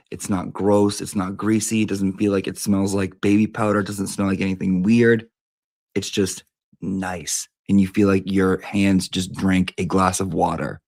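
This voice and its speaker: A man's voice: sits low, vocal fry, darkish tone, no echo. A man giving a brash, profane, theatrical comic review of beauty products.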